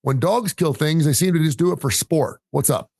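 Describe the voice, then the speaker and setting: A man's voice: fairly high pitch, normal speed, a little mellow, breathy edge, dry recording. A man hosting a radio show, chatting casually and easygoingly with his guest. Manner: easygoing, chatty, laughs along.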